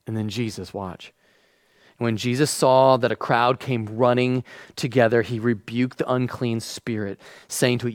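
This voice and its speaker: A man preaching a sermon as a pastor. He acts out the quotes and drops to a hush when he wants a point to land. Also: mid-range voice, no echo, poor audio.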